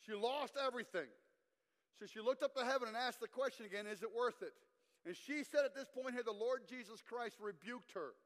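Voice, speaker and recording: High-voiced preacher in a reverberant hall. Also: male voice, fairly quick. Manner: animated storytelling preacher, asks the crowd to respond. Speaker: guest preacher. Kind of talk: sermon.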